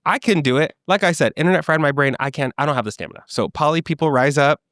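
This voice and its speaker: A young man hosting a solo comedy podcast, chatting in an animated, sassy way and joking with plenty of swearing. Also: on the high side, fast, no echo, studio quality. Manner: animated, sassy, reacts and jokes freely with swearing. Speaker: podcast host.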